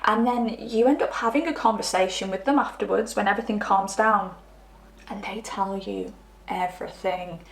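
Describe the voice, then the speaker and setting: A woman's voice: medium pitch, moderate pace, vocal fry, a little hiss or hum. A woman giving a rambling, chatty pick-a-card tarot reading, sometimes tripping over her words. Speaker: tarot reader. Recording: roomy echo.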